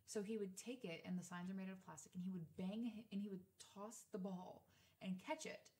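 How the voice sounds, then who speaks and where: Animated young woman telling a story. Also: mid-range voice, a little fast. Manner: animated, swearing freely, acts out quotes. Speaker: podcast co-host. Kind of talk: casual chat, storytelling.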